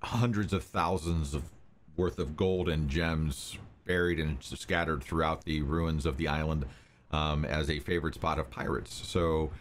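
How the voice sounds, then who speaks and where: A man narrating as game master of a tabletop game, relaxed and full of ums and uhs. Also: extremely low pitch, moderate pace, a little hiss or hum.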